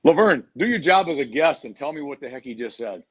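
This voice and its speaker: Upbeat husky man hosting a live show. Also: fairly high pitch, animated, brisk. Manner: upbeat, joking, talks over tech trouble. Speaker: host. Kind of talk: live video show chat. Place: hotel room.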